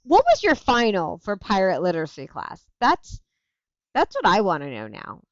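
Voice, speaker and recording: A woman's voice: mid-range voice, moderate pace, no room sound. Woman streamer chatting w chat, laughs a lot, dry close mic, kinda muffled audio. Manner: animated, laughing often, self-interrupting. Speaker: livestream host. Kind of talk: casual chat reading viewer comments.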